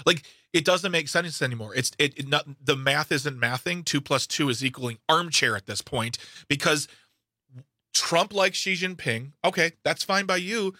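A man's voice: a little high, normal speed, pushed and bright, no echo, studio quality. A man co-hosting a talk radio show, speaking in a sarcastic, opinionated way and often stumbling over and restarting his words. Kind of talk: casual opinionated radio chat. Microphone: studio microphone.

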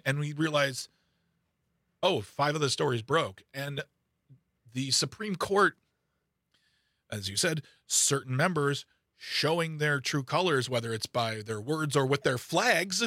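A man filling in as a talk radio host, chatting casually and rambling with quick asides. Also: on the high side, lively intonation, pushed and bright, dry recording, clean studio sound.

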